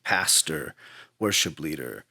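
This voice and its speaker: Extremely low, slow, and creaky with a breathy edge, this man's voice belongs to a guest musician sharing a personal story in conversation. He's earnest and reflective, sometimes breaking into a lively retelling, with no room sound in the recording.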